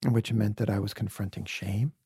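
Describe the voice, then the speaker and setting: A man's voice: fairly low pitch, fairly even intonation, moderate pace, mellow, husky, no echo, clean studio sound. A middle-aged man from New York City as a podcast guest, telling earnest, confessional stories in a reflective conversation and sometimes dropping to a near-whisper.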